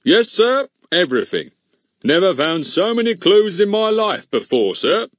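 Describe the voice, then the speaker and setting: A man's voice: fairly low pitch, expressive, a little slow, sharp tone, husky, dry recording, clean studio sound, heavily acted. A man voicing a blustering, pompous middle-aged village policeman who stammers when flustered, in an audiobook. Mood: eager.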